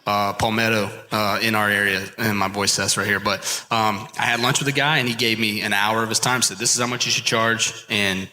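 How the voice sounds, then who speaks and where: A man, a landscaping business owner, giving energetic pep-talk advice as the guest of a live podcast. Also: on the low side, brisk, few pauses. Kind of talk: live podcast interview before an audience. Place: large expo hall with live audience. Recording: long hall reverb.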